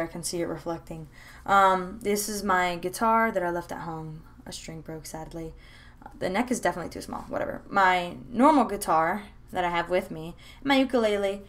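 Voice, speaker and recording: A young woman in casual chat about her sketchbooks, chatty and rambling with many fillers and restarts, gushing with enthusiasm. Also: on the low side. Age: young adult. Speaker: art vlogger. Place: room at home.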